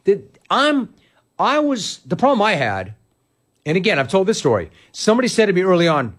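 A male sports talk host rolls through a monologue, his pitch leaping up and down as he gets worked up. He talks emphatically and tells stories in a conversational way, pushing back on listeners' comments. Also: huge pitch swings, moderate pace, fairly bright tone.

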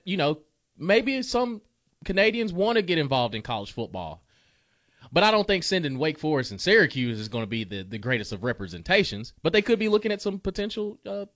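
A man co-hosting a casual sports talk show, reacting quickly and repeating words as he talks. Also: a little high, fairly bright tone, dry recording, studio quality.

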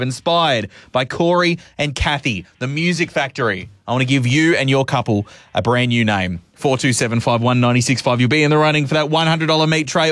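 A man's voice: fairly high pitch, fairly bright tone, dry recording. A young adult man with an Australian accent hosting a radio show, telling stories in a chatty, self-mocking way. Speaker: radio host. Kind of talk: casual radio chat.

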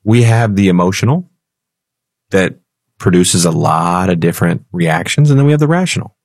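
A man's voice: low voice, lively intonation, normal speed, a little mellow, no room sound, clean studio sound. A man co-hosting a financial radio show, chatting in a playful, storytelling way. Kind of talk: casual talk radio chat.

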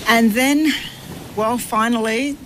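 A woman's voice: on the high side, fairly even intonation, slow pace, slight background noise. A woman guest earnestly recounting a personal ordeal at sea, a vivid storyteller who repeats phrases for effect.

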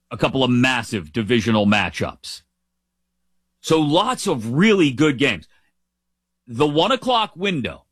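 A man's voice: mid-range voice, a bit bright, dry recording. A middle-aged man hosting a sports show, giving casual, playful, opinionated commentary with a lot of emphasis. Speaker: sports podcast host.

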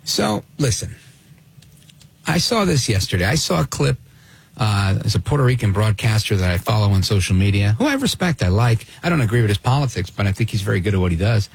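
A man's voice: lowish voice, sing-song, brisk, gravelly, slightly rough, no room sound. A man hosting a talk radio show, delivering an opinionated, sardonic monologue and reacting to clips he plays.

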